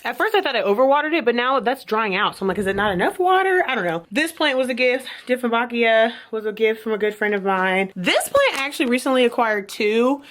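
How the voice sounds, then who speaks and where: A woman chatting casually in a home vlog, animated, her voice jumping high when she exclaims. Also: brisk, hardly any pauses. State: a bit out of breath. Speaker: vlogger. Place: apartment rooms, moving around.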